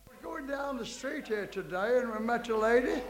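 A man working as an evangelist host, introducing believers on the street in a brisk, encouraging way. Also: very high voice, lively intonation, a loud crowd, low-quality recording.

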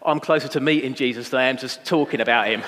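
A man's voice: mid-range voice, fast talker, fairly bright tone. A young adult man, preaching a sermon in a chatty, self-deprecating storytelling manner with many fillers. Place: church hall. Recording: long hall reverb.

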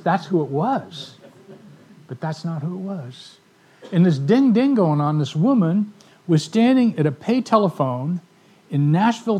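A man telling stories in a sermon to a live audience, animated, acting out the voices of the people in his stories. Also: fairly high pitch, husky. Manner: animated storyteller, acts out quoted voices. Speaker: ministry speaker. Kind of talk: storytelling sermon talk.

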